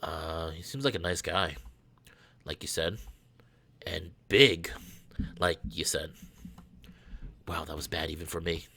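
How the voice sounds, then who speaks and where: A man voicing a quiet, uneasy young male cat, reading a visual novel aloud in a soft, subdued low voice. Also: fairly even intonation, measured pace, long pauses, exaggerated voice. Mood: awkward.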